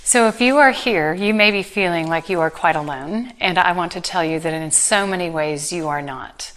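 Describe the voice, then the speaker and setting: A middle-aged woman preaching a sermon, telling a Bible story with earnest warmth and touches of gentle humor. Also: lowish voice, normal speed.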